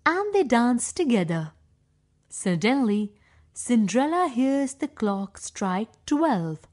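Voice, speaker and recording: Very slow woman storyteller for children. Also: fairly high pitch, sing-song, a little mellow. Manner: clear, deliberate, simple phrasing. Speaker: storyteller for young pupils.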